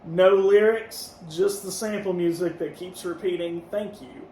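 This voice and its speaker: High-voiced man in an echoey room. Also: a little slow, far from the mic. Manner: relaxed, gives scores out of ten, laughs easily. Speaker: podcast co-host reviewing albums. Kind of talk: casual review chat. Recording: echoey room, mic set back, faint noise.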